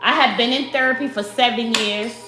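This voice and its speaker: A woman from Brooklyn with a New York accent, giving a spiritual tarot card reading to her viewers in slow, emphatic speech that addresses them as the collective. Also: on the high side. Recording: echoey room with faint music.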